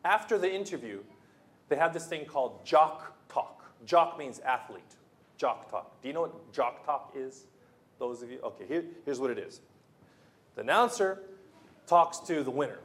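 A man's voice: medium pitch, lively intonation, moderate pace, fairly bright tone. A man preaching a sermon as pastor, talking in a loose, conversational way with restarts and playful asides.

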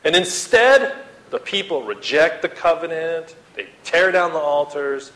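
A man preaching a sermon to his congregation, swinging from loud dramatic outbursts to hushed appeals and acting out the quotes he reads. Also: fairly high pitch, unhurried, poor audio. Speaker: pastor.

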